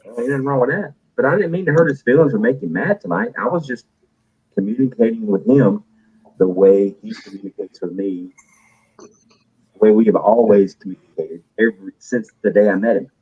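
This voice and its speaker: Low husky man on a tinny line. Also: brisk. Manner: emphatic, profane, rambling. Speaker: caller on a live audio panel. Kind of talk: casual chat. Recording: tinny phone-line audio.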